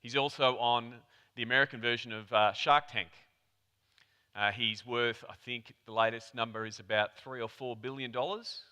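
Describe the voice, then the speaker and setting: An Australian man from Melbourne giving a conference talk, telling a chatty anecdote with quick asides to the audience. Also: mid-range voice, steady tone, bright, forceful tone, clean tone. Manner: chatty storyteller, rapid asides. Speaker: conference presenter. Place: conference hall. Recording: reverberant hall.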